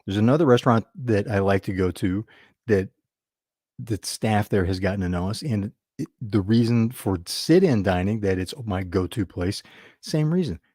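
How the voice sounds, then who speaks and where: A man's voice: on the low side, normal speed, dark tone, dry recording, clean studio sound. A man hosting a business show, telling a customer-service story in a chatty, rambling way with many restarts. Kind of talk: casual talk to camera.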